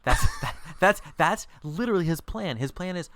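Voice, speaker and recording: A man's voice: fairly high pitch, lively intonation, normal speed, fairly bright tone, dry recording. A man co-hosting a podcast in casual chat, acting out quotes in jumping voices. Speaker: podcast co-host.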